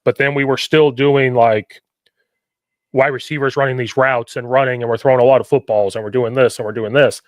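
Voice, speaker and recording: A man hosting a podcast, telling coaching stories in an animated way and often quoting himself. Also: mid-range voice, brisk, no room sound. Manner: animated storytelling, quoting himself, repetitive questions. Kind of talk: casual podcast conversation.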